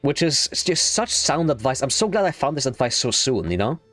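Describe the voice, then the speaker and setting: A young adult man streaming a game, chatting casually in a rambling, excitable way and swearing freely. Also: medium pitch, fairly quick, dry recording, faint music behind. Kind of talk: casual gaming stream chat.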